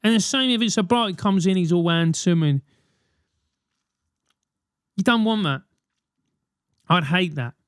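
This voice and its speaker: A man's voice: high voice, a little slow, pauses often, clear, resonant tone, dry recording, clean studio sound. A man hosting a solo comedic advice podcast, rambling and swearing through comic rants. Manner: rambling, profane, comic ranting. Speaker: podcast host.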